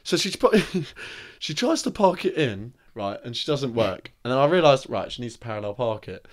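A man's voice: medium pitch, normal speed. A young man co-hosting a podcast, telling a story in casual, slangy chat with lots of laughter. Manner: animated, laughing, slangy, acts out voices. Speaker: podcast co-host.

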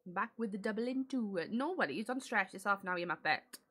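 Lively, bright-voiced woman streamer. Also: mid-range voice, fairly quick, husky. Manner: chatty, shouts greetings and laughs loudly at viewers. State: croaky, sleepy morning voice. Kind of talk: casual chat while gaming live.

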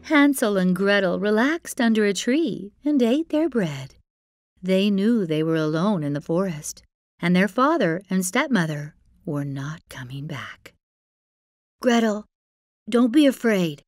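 A woman storyteller reading a children's fairytale aloud. She is playful and expressive, letting her pitch rise and fall widely. She takes her time over every line. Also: unhurried, dry recording, studio quality.

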